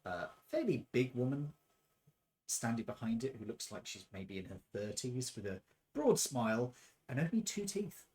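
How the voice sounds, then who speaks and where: A man narrates as game master for a tabletop game, laying out each scene with relaxed detail. His voice is slightly husky and rises and falls a great deal. He moves unhurriedly, with the odd filler. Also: medium pitch, normal speed. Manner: descriptive, relaxed, with filler ums.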